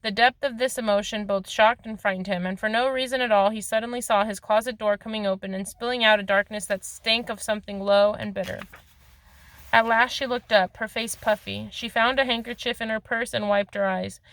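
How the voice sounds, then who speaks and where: A woman's voice: a little high, steady tone, a little fast, a bit bright, no echo. A woman reading a novel aloud in a plain voice, with occasional slips and restarts. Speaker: reader of a novel.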